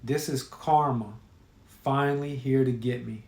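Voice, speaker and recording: A man's voice: mid-range voice, fairly even intonation, a little slow, darkish tone, lightly acted. A man voicing a menacing male killer who taunts his victims in a mocking, sneering way, in a horror story reading. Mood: resigned. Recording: roomy echo.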